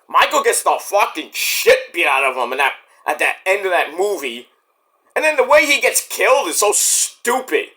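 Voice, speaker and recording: New dude rambling on his podcast, swears a lot, kinda high bright voice. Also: very animated, moderate pace. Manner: rambling and profane, trailing off. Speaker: podcast host. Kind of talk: casual solo commentary.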